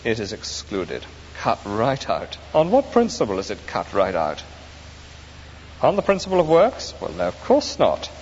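A man's voice: lowish voice, huge pitch swings, normal speed, darkish tone. A man preaching an earnest, emphatic sermon, explaining scripture to his congregation. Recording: dull echoey hall recording with faint hiss.

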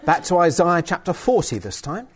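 A man's voice: on the high side, big pitch swings, moderate pace, breathy edge. A man preaching a sermon and reading from the Bible, emphatic with hesitant fillers.

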